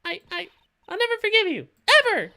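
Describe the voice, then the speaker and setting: A woman's voice: wildly swooping pitch, fairly quick, creaky, heavy background noise, exaggerated voice. Woman putting on a timid stammering little girl. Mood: upset. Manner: stammering, high and earnest. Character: timid little girl, polite and easily upset.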